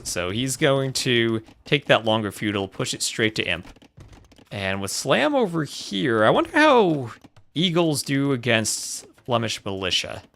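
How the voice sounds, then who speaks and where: A man with a medium-pitched, gravelly, fairly bright voice casts a strategy game tournament on a live stream. As host and caster, he keeps the esports commentary chatty and breaks off now and then to thank viewers.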